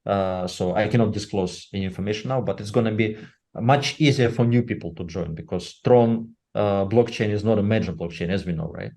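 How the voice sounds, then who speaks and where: A slightly low-voiced man with a dark, mellow timbre talks loosely on a webinar. He halts often, fills gaps with "uh" and keeps checking in with a tag "right?". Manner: halting, full of "uh" and tag "right?". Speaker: company leader speaking on a webinar. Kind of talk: unscripted webinar talk.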